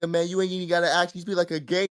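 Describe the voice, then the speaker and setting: Male troll caller, high voice, goading and repetitive, dry sound. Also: level tone, racing, no echo. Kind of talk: trolling call-in taunts.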